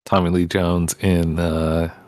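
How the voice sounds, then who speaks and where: A man's voice: low-pitched, level tone, takes it slowly, darkish tone, no room sound. A laid-back man chatting as a player in a tabletop game. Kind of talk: casual chat at a tabletop game.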